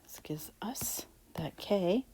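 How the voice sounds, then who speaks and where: A woman teaching a math lesson, talking softly and half-whispered with a breathy voice while she writes. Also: mid-range voice, lively intonation, slow, poor audio. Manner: soft, half-whispered explaining while writing. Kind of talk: recorded math lecture.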